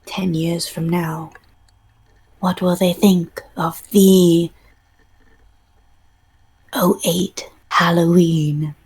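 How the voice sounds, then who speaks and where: Husky woman doing slow mock-trailer narration. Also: on the low side, level tone, darkish tone. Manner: slow and theatrical, often dropping to a whisper, giggling between phrases. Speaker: stream co-host.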